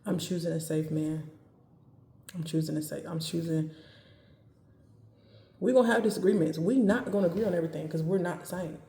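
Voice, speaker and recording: A woman giving dating advice in a casual talk to camera, speaking calmly and evenly and driving her points home by repeating them. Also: on the low side, a little fast, pauses often, reverberant. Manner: calm, even, straight-talking with emphatic repetition.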